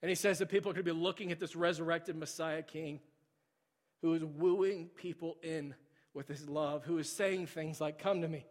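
Male pastor, higher-pitched, passionate sermon in a church with long reverb. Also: fairly even intonation, normal speed. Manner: swings from loud, urgent preaching to hushed near-whispers. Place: church sanctuary.

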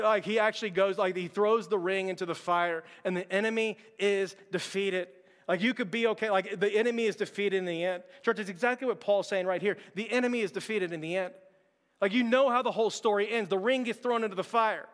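A male pastor preaching to his congregation in a large, echoing sanctuary, his voice sitting high for a man. He speaks earnestly and directly to the church, often repeating words as he restarts his thoughts. The long reverb of the hall trails behind each phrase. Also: a little fast. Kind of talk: sermon.

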